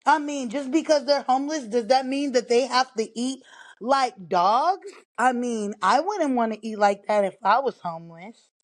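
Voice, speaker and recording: A woman's voice: on the high side, lively intonation, moderate pace. A woman hosting a podcast, ranting indignantly while slightly out of breath from walking laps in her living room. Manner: indignant, exasperated, talks straight to listeners. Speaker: podcast host. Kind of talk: casual ranting monologue.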